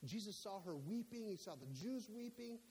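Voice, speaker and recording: A man preaching a sermon in a church, emphatic and climbing to near-shouts on his key points. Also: sits high, animated, normal speed. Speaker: pastor. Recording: echoey hall with faint hiss.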